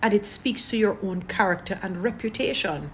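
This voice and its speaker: A woman's voice: mid-range voice, moderate pace, a bit bright, a little hiss or hum. A woman with a Jamaican accent giving emphatic, preachy commentary, repeating her points to her online audience. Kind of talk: casual commentary to camera.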